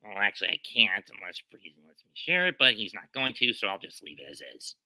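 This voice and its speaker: A man with a very bright, sharp voice and a sweeping, animated pitch chats as a co-host of a basketball watch-along. He drifts into wordy asides. The sound is dry and close. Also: quick pace, no echo, low-quality recording. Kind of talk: casual sports chat.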